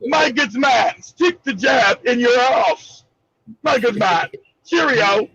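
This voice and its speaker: A man voicing a bossy, prim British gentleman in a slow, clipped drawl, over dull lo-fi audio. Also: high-pitched, lively intonation, no room sound, exaggerated voice. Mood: mocking.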